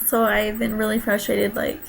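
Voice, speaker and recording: A woman's voice: mid-range voice, completely flat delivery, normal speed, creaky, poor audio. A young woman vlogging a casual pregnancy update, rambling and nervous.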